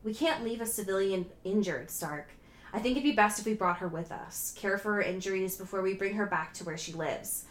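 A woman's voice: mid-range voice, fairly quick, reverberant, lightly acted. A woman reading as a dutiful male superhero. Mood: earnest.

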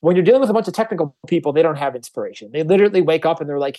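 A man talks at a rapid clip in a fairly high voice, a music producer chatting casually. He acts out the people in his stories and drops the odd curse word. The recording is dry and close, with no room sound. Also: dry recording. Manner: fast, animated storytelling, acting out other people's voices; swears casually. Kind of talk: casual podcast chat.

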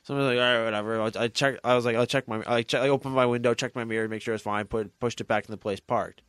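A man's voice: medium pitch, steady tone, fast, fairly bright tone, clean tone, dry recording, clean studio sound. A young man hosting a podcast, telling a long rambling story in casual chat with many restarts. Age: young adult. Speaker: podcast host.

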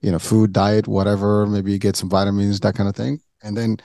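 A man hosting an interview in a gravelly, mellow voice, recorded dry and close. His questions ramble, and he restarts and rephrases them several times. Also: lowish voice, level tone, fairly quick, no echo. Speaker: interviewer, host. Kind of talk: conversational interview.

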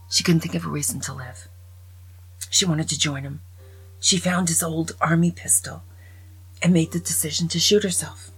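A woman's voice: low voice, husky, poor audio. A woman casually reading jokes aloud, chatting between them and often dropping to a whisper, with faint music behind. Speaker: joke reader. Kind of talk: casual joke telling.

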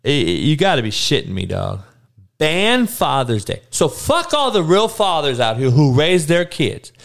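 A man ranting casually to his viewers, heated and profane, with slangy talk and stuttered restarts, dropping to low mutters and then bursting out loud. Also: sing-song, unhurried, vocal fry. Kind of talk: casual profane rant to camera.

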